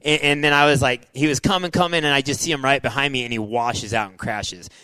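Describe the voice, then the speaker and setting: A man in his forties, a former motocross racer, telling his story in a casual podcast interview, animated and full of "dude" and "like". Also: mid-range voice, fast, clean tone, no echo. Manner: animated, says "dude" and "like" a lot, acts out his own past thoughts.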